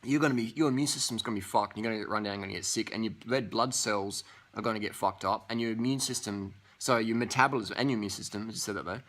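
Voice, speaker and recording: A man's voice: on the low side, fast talker, hardly any pauses, fairly bright tone. Blunt, profane man ranting. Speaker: vlogger. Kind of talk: profane rant to camera.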